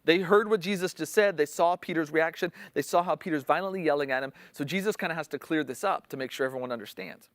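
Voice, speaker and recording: A man's voice: a little high, fast talker, hardly any pauses, fairly bright tone, no echo. A man preaching a sermon in a conversational teaching style, explaining scripture and acting out the quotes with rising intensity. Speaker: pastor.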